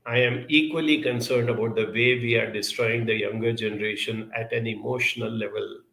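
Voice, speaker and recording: A man giving advice and answering audience questions in an earnest, measured way, pausing often with 'uh' between phrases. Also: mid-range voice, steady tone, gravelly, pushed and bright, echoey room. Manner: measured, earnest, with frequent pauses and 'uh' fillers. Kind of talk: advice talk.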